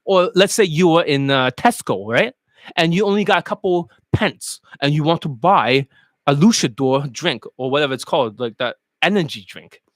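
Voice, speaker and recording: Brief: foul-mouthed male dating coach, very animated delivery, dry close sound. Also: on the high side, moderate pace, no room sound. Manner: crude, animated, mocking. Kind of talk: coaching rant.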